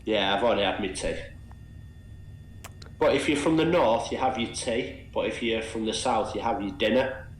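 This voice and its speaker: A man's voice: fairly low pitch, moderate pace, roomy sound, a little hiss or hum. A man from Manchester with a Manchester accent, bantering on voice chat in a jokey, easygoing way. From Manchester, England.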